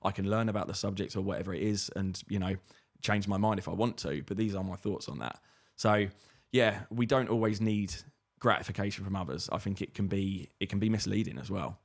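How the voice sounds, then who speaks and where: A man from Kent, hosting a podcast in a quick, sweary, joking way. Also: deep voice, vocal fry. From Kent, England. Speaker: podcast host. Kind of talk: casual chat.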